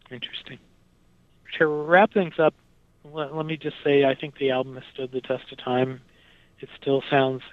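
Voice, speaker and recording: Man, casual music chat, hesitant, smooth resonant voice, slightly dull lo-fi sound. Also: medium pitch, no room sound. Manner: hesitant, many fillers and restarts.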